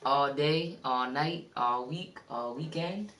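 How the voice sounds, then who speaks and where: A woman's voice: sits low, slow pace, a bit bright. A woman from Maryland chatting casually on a livestream, teasing and laughing often. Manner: loose, teasing, laughs often, reads chat aloud. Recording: echoey room, far from mic, faint noise.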